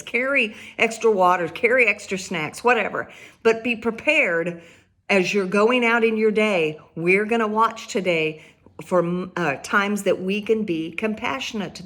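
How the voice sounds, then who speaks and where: Middle-aged mom giving heartfelt parenting tips, casual and earnest, laughs easily. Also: female voice, mid-range voice, fairly bright tone. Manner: earnest, conversational, laughs often, repeats key points. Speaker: parenting speaker. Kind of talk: advice talk to parents.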